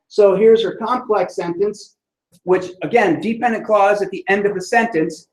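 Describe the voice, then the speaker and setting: A high-pitched man speaking at normal speed teaches sentence structure to a writing class, and the room echoes around him. His delivery is conversational, dotted with repeated "right?" check-ins.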